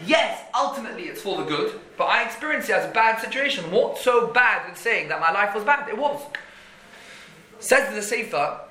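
A man's voice: high-pitched, expressive, moderate pace, pushed and bright, reverberant, slight background noise. A man, giving a Torah class in an emphatic, conversational way, full of rhetorical questions. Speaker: Torah teacher.

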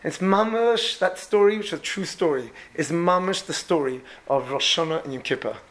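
A man preaching, retelling a true story and acting out its people with lively, repeating speech. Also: a little high, moderate pace. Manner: animated, repeats words, voices the people in the story. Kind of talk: storytelling sermon.

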